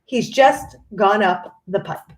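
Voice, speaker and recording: A woman's voice: medium pitch, slow pace, echoey room, natural voice. A woman voicing an eccentric, theatrical male chocolate maker with breezy reassurance. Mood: whimsical.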